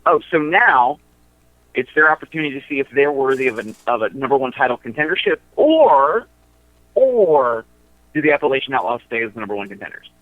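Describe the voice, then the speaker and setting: A man calling in to a radio show, talking through wrestling matchups in a halting way, with lots of fillers and restarts. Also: mid-range voice, lively intonation, no room sound. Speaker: wrestling promotion insider guest. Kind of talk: casual radio chat. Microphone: phone. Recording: tinny phone line.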